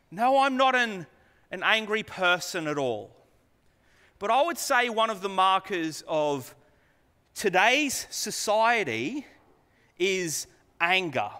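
A man's voice: high-pitched, bright, forceful tone. A man preaching a sermon, earnest and conversational, putting rhetorical questions to his congregation. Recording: long hall reverb.

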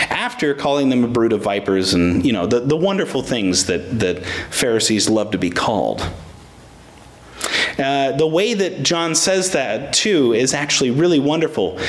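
A man's voice: a little high, a bit bright. A man preaching a sermon to a congregation, emphatic, asking rhetorical questions and restarting words as he searches for them. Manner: addresses congregation members by name. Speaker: pastor.

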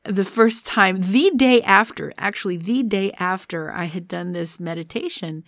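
A woman's voice: mid-range voice, normal speed, no echo, studio quality. A woman therapist speaking casually about her own parts work, chatty and self-deprecating, often laughing as she talks. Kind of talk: casual personal podcast monologue.

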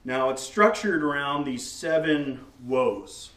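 A man preaching a sermon with emphatic delivery, sometimes acting out shouted rebukes. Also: fairly high pitch, animated, slow. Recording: echoey room, voice from far off.

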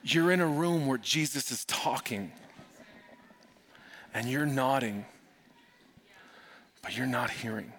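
A middle-aged man preaching a sermon, moving from soft, confiding talk to loud, urgent preaching. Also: medium pitch, slow pace, pauses often, slight background noise. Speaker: pastor.

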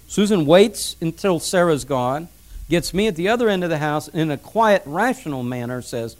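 A man's voice: fairly high pitch, lively intonation, moderate pace. A middle-aged man preaching a sermon, emphatic, repeating his points and telling family stories. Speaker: pastor. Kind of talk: sermon on parenting.

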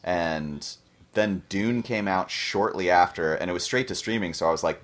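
A man's voice: low voice, normal speed. A man co-hosting a podcast, chatting casually with easygoing, teasing banter. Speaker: podcast co-host. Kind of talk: casual chat.

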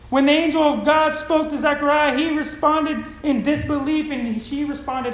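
Preacher, sermon, casual slangy delivery, loud-to-soft swings, echoey church hall. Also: high-pitched, unhurried. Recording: roomy hall echo.

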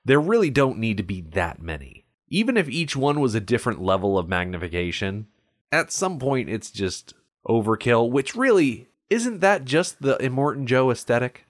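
A man's voice: on the low side, no echo, clean studio sound. A man co-hosting a podcast, explaining things in a casual film discussion and sometimes reading aloud. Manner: explanatory, reads aloud at times. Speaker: podcast co-host.

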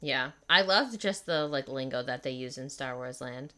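A young woman with a low, bright and clear voice chats eagerly about her favorites, filling her sentences with "like." She sounds crisp and forward, relaxed in casual conversation. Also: moderate pace. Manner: chatty, enthusiastic, lots of "like". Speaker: podcast host. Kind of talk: casual chat.

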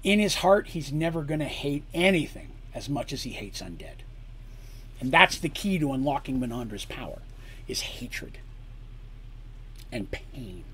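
A man's voice: mid-range voice, expressive, moderate pace, a bit bright, breathy edge. A man acting as game master, narrating a tabletop campaign story and breaking off to explain the rules and lore.

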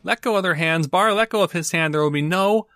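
A man voicing a tiny, fussy male tavern owner in a tabletop game, squeaky and exasperated. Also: a little fast, a bit bright, no echo.

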